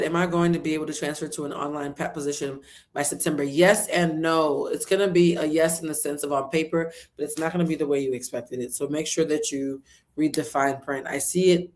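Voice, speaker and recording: Loud, animated woman reading tarot live. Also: low-pitched, brisk. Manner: loud, animated, swears freely, bursts into song. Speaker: tarot reader. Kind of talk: casual livestream tarot reading.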